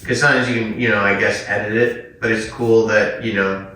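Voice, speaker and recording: A man's voice: fairly low pitch, steady tone, a little fast. Rambling crude man on an echoey podcast. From Canada. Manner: rambling, crude, laughs often and loudly. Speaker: podcast host. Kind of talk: crude improvised comedy chat. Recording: roomy echo, mic a bit far off, faint noise.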